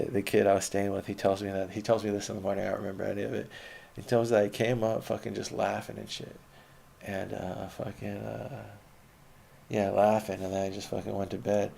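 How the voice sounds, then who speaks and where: A man's voice: fairly low pitch, gravelly, mellow. A young man telling a rambling, profane personal story in a laid-back, meandering way. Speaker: autobiographical podcaster.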